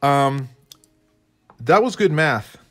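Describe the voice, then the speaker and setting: A man's voice: mid-range voice, expressive, drawn-out words, fairly bright tone, faint music behind. A man co-hosting a live painting stream, chatting in a rambling, self-deprecating way as he works. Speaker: co-host and illustrator. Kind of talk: casual live-stream chat while painting.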